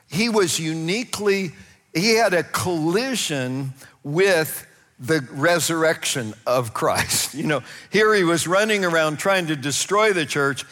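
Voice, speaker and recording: Male pastor, fairly high voice, storytelling sermon in a reverberant hall. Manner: animated storytelling with laughs and acted-out voices.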